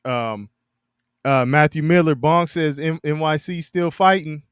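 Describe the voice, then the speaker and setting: Man, podcast co-host, halting restarts, quick laughs, dry close sound. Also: fairly high pitch, clear, resonant tone, no echo. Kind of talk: casual sports chat.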